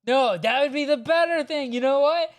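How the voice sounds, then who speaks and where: A man co-hosting a casual podcast chat, animated and swearing freely as he acts out scenes in quoted voices. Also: very high voice, moderate pace. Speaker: podcast co-host.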